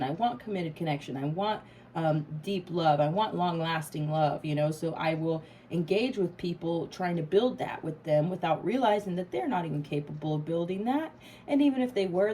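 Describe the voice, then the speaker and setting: In a low-quality recording with a little hiss or hum, a woman with a mellow, lowish voice reads tarot casually for the camera. She swears freely and speaks with emphasis, laughing at times and getting emotional.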